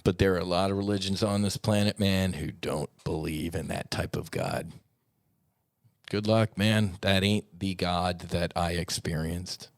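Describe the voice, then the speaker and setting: Man, low voice, dry close sound, earnest, repetitive podcast monologue. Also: no room sound. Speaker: podcast host.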